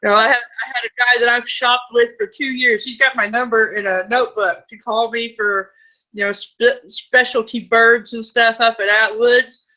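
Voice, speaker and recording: Bright chatty woman with a slight lisp. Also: a little high, fairly even intonation, moderate pace, highs cut off. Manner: chatty and laughing often. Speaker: viewer joining the stream.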